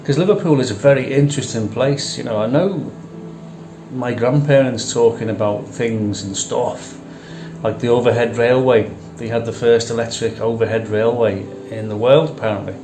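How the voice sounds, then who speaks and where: A man's voice: mid-range voice, moderate pace, dark tone. A man hosting a vlog who talks in a casual, conversational way and repeats phrases for emphasis. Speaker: vlog host. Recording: echoey room with music behind.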